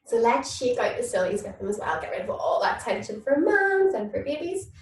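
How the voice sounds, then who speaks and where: A woman leading a mum and baby yoga class, giving soft, soothing instructions and cooing at babies in a sing-song voice. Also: fairly high pitch, sing-song, fairly quick. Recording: echoey room, mic at a distance.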